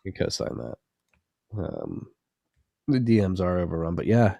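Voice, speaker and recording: Male podcast co-host with a low, gravelly voice; dry close sound; rambling, swears freely. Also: wildly swooping pitch, unhurried, dark tone, dry recording. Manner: loose, rambling and profane. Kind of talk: casual podcast chat.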